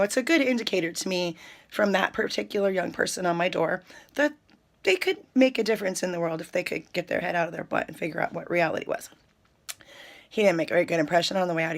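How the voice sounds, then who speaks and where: A woman, chatting to her viewers in an animated, storytelling way while sipping coffee. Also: mid-range voice, creaky. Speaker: spiritual vlogger. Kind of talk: casual spiritual talk to viewers.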